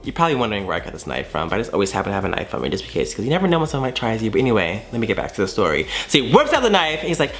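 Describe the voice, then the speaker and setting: A young man telling a storytime vlog, animated and profane, acting out both sides of the exchanges. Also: mid-range voice, very fast, few pauses, soft background music. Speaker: vlogger.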